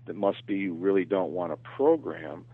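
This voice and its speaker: A man's voice: sits low, lively intonation, normal speed, creaky, breathy edge, dry recording. A man speaking as a golf professional guest in a podcast interview, earnest and repeating words as he gathers his thoughts. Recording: tinny phone line, very dry.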